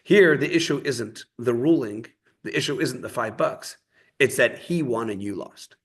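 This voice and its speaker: A man of medium pitch and moderate pace teaches a Torah class conversationally. He explains ideas through stories and everyday examples, quoting the voices of the people in them.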